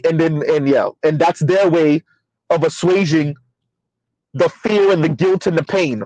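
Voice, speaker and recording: A man's voice: on the high side, a little slow, a little mellow, no room sound, poor audio. A man hosting a casual commentary stream, rambling with fillers, addressing his chat and calling himself by name in third person. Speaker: commentary channel host.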